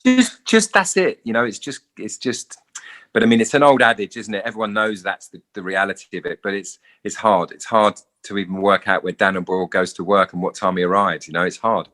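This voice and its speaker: A middle-aged English actor, a guest in a casual interview, telling stories animatedly and acting out quoted voices. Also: male voice, fairly low pitch, a little fast, fairly bright tone. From England.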